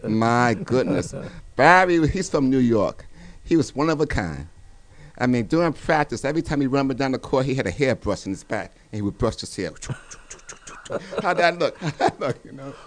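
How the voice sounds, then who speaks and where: A man's voice: medium pitch, animated. A man who once played pro basketball, talking casually as an interview guest and repeating his words. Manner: repeats himself, quick laughs, agreeable.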